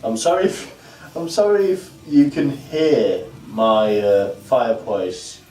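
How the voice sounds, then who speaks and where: Here a man with a medium-pitched, dark-toned voice speaks at a slow pace, chatting about music with dry sarcasm. He co-hosts an album-review vlog from a room with a fireplace at home, and the distant mic gives a roomy sound with a little background noise.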